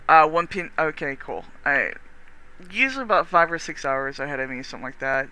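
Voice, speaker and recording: A streamer with a Texan accent, chatting casually with viewers while gaming, rambling warmly with lots of restarts and the odd swear. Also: mid-range voice, expressive, a little fast.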